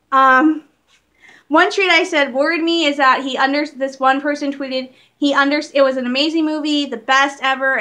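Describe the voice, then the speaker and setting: A young woman from Michigan chatting casually in a vlog, excitable and rambling, laughing often. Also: sits high. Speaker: vlogger. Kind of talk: casual chat.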